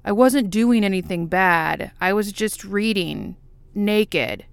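A woman reading the lines of a shy, awkward nerdy man in a fan fiction audiobook, halting and earnest with nervous energy. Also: mid-range voice, lively intonation, gravelly, clean tone, no echo.

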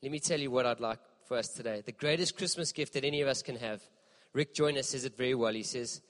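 A man preaching a sermon in a church, impassioned and emphatic, with dramatic pauses. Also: medium pitch, fairly bright tone, in a large hall. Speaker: pastor.

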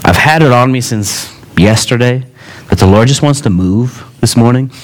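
A man preaching a sermon in a relaxed, conversational way, with joking asides between earnest points. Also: fairly low pitch.

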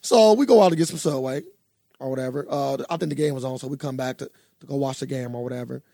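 A young man co-hosting a podcast, telling a story in a casual, animated way and swearing freely. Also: mid-range voice, fast talker, vocal fry, dry recording, clean studio sound. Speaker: podcast co-host. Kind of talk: casual chat.

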